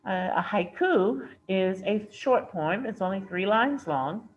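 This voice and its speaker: A woman's voice: mid-range voice, lively intonation, takes it slowly. A woman teacher explaining lesson material patiently, often checking in with okay and all right. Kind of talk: recorded classroom lesson explanation. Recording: dull lo-fi recording with faint hiss.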